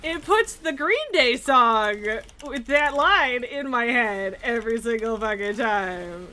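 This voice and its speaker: Woman streamer, high-ish bright voice, slow easy chatter, lots of laughing and swearing. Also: animated, slight background noise. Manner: laughs often, swears casually. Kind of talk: casual chat while gaming.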